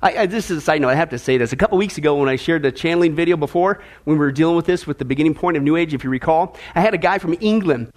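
A male pastor preaching an animated, sarcastic sermon, full of rhetorical questions. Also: a little high, racing, hardly any pauses.

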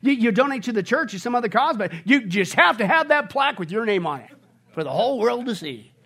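Pastor guy preaching, fairly high voice, punchy, keeps firing questions at the crowd. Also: very animated, quick pace, fairly bright tone. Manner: emphatic, asks the congregation rhetorical questions. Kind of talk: sermon.

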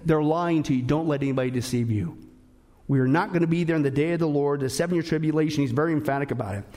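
A male pastor preaching a sermon in an emphatic, animated way, with frequent asides to his listeners. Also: a little high, fast talker.

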